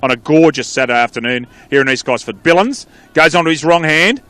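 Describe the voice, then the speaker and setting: A man's voice: a little high, fairly bright tone, no room sound. Australian man calling a local football match. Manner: chatty, quick calls that trail off into asides. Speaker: play-by-play commentator. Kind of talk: live football commentary.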